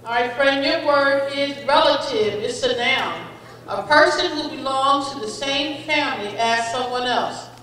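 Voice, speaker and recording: A woman with a high, bright voice announces spelling words at an unhurried pace, spelling out each definition and example sentence carefully. She sounds far from the microphone in a big echoey hall with a long reverb tail and faint background noise. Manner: slow, deliberate, encouraging, calls contestants "friend". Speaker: spelling bee pronouncer. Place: school auditorium.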